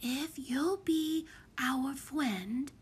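A woman voicing a tiny, sweet girl in a soft whispered role-play with a childish lisp. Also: a little high, sing-song, unhurried, breathy edge, heavily acted. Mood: secretive.

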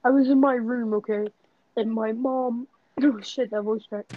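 A man's voice: very high-pitched, fairly even intonation, normal speed, no room sound. A young man co-hosting a podcast, joking in crude, profane banter and cutting in on the others. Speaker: podcast co-host. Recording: dull lo-fi sound.

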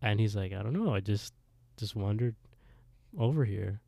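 Low mellow dude retelling a spooky episode, doing all the lines, dry close sound. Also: male voice, moderate pace, vocal fry, no echo. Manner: animated retelling, switches between characters' lines, laughs often. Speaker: podcast co-host recapping an episode. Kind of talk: casual chat, retelling a plot with quoted dialogue.

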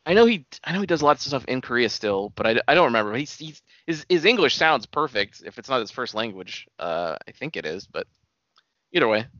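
A man chats casually on a podcast, sharing trivia about a film. His voice is bright, with an animated, lively pitch. The recording is dry and slightly dull. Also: a little fast, dry recording. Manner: chatty, sharing behind-the-scenes trivia. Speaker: podcast co-host. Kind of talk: casual movie chat.

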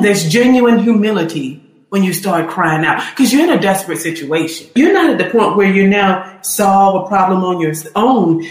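Fervent woman preacher, echoey room. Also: a little high. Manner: fervent, building in emphatic repetition. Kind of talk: sermon. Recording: roomy echo.

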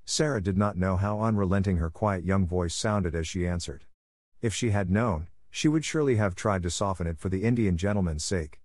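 A man narrating a classic children's story in a fairly low voice, recorded close and dry. He reads steadily, in a measured and even way. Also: no echo. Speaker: audiobook narrator. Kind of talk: scripted narration.

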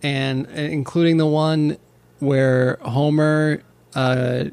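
Gravelly-voiced man chatting on a podcast. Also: a little high, slow pace, dry recording. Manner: rambling, animated retelling of jokes with laughs. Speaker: podcast co-host. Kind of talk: casual podcast chat.

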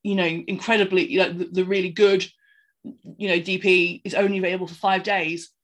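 A woman co-hosting a podcast talks a little fast in a lowish voice with a level tone. In a casual film recap chat, she rambles through retelling film scenes and acts out the characters' lines.

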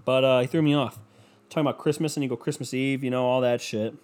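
A man's voice: mid-range voice, fairly even intonation, fast, a little mellow. A man rambling through a casual solo monologue at home, swearing often and putting himself down. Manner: rambling, profane, self-deprecating.

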